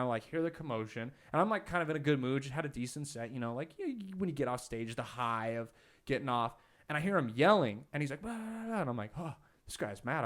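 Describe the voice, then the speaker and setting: A young man, a podcast host and comic, chatting casually and rambling through a story with lots of "like" fillers. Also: medium pitch. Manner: rambling storyteller, heavy filler "like", acts out quotes loudly. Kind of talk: casual chat.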